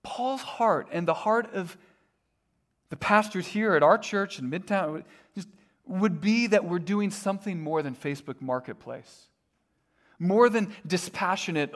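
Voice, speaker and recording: A middle-aged male pastor delivers a sermon in a relaxed, conversational way. He fills his talk with casual fillers and self-deprecating asides, and his voice sits slightly higher than most men's. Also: a little slow.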